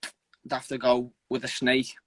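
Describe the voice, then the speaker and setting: A young man, an amateur fighter, talking earnestly in a casual interview with halting restarts and casual swearing. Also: mid-range voice, monotone, fairly bright tone, no echo. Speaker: amateur MMA fighter, guest.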